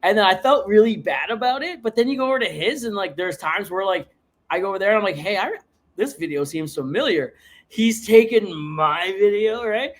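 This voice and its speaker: A man from Canada hosting a podcast, telling profane stories in a casual chat with big jumps in pitch. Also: brisk. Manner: profane, animated storyteller with big pitch swings. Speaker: podcast host.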